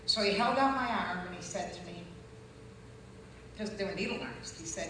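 A woman preacher telling her testimony as a story, acting out the voices of people in it and rising to loud, fervent peaks. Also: mid-range voice, normal speed, long pauses. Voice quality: distinctive voice. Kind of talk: testimony sermon. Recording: echoey hall from far off with noise.

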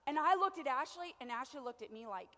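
A woman with a high voice preaches a sermon, her words ringing out with long reverb in a large church hall. She drops into quiet, chatty storytelling, then rises into loud, fervent exhortation. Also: lively intonation, fast talker.

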